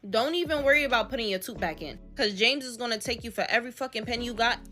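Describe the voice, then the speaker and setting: A woman's voice: on the high side, fast, sharp tone, faint music behind. A woman ranting in a reaction clip, mocking and profane. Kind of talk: reaction commentary rant.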